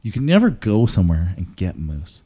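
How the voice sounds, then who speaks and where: A man's voice: sits low, huge pitch swings, moderate pace, mellow, slightly rough. Tipsy guy from alberta rambling on a podcast, swears a lot, laughs a bunch. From Alberta, Canada. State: tipsy from drinking. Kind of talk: casual podcast chat.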